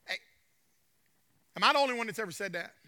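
A man preaching in a church, his voice pitched very high and ringing bright. He drives his points home with rising, emphatic shouts, then drops into joking asides with the congregation. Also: lively intonation, racing. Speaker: pastor. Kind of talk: sermon. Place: church sanctuary. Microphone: handheld mic with trouble.

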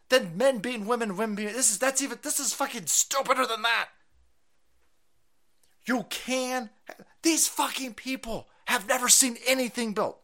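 A man hosting a livestream, ranting angrily and profanely with sarcasm and bursts of shouting. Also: extremely high pitch, moderate pace. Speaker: streamer host. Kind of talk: angry political rant on a livestream.

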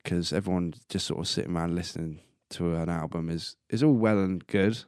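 Young man, 20s, solo podcast host: very deep voice, dry close-mic sound, rambling and self-amused. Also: moderate pace, darkish tone, clear, resonant tone, no echo. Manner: rambling and self-amused, laughing at his own jokes. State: coughing and burping now and then. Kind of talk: casual solo podcast monologue.

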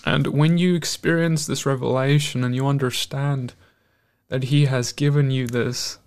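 Slow, gravelly-voiced man preaching earnestly. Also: medium pitch, fairly even intonation. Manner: earnest, emotional, pausing often. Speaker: host. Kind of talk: devotional sermon-style talk.

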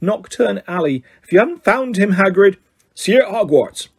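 A man doing a gruff giant gamekeeper. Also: sits high, animated, normal speed, pitched above the performer's own voice, full character voice. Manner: gruff, growling. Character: giant gruff male gamekeeper, big-hearted.

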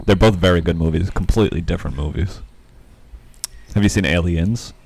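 A man's voice: low-pitched, fairly quick, gravelly, darkish tone. A man co-hosting a podcast, laid-back and casual, swearing and saying "like" a lot. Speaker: podcast co-host.

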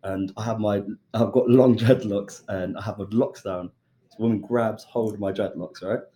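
Young British male chef, casual storyteller, low relaxed voice, acts out dialogue. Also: normal speed. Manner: animated storyteller acting out quoted voices. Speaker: chef and podcast guest.

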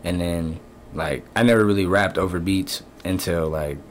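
Very deep-voiced easygoing young man. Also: moderate pace, slight background noise. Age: 20s. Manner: easygoing, rambling storytelling with many fillers. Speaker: rapper guest. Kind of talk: casual interview chat. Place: podcast studio.

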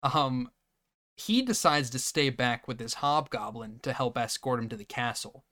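Bright-voiced sarcastic male podcast host. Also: medium pitch. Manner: sarcastic, swears freely, recaps scenes in quick bursts. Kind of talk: casual movie-riffing chat.

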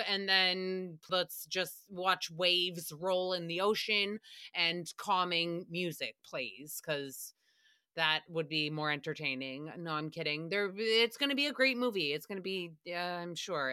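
A woman hosting a podcast, recapping a radio show in a casual, sarcastic and profane way, often breaking into loud laughs. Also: on the low side, clear, resonant tone, dry recording, clean studio sound.

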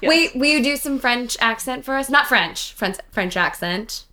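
A woman podcast host chatting casually in a guest's home, enthusiastic and quick to react and laugh. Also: a little high, lively intonation, pushed and bright. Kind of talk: casual chat.

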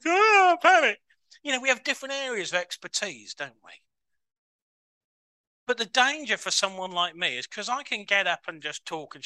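A man giving a chatty, self-mocking sermon as a minister in a church, breaking into excited voices when he acts out others. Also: on the high side, no room sound.

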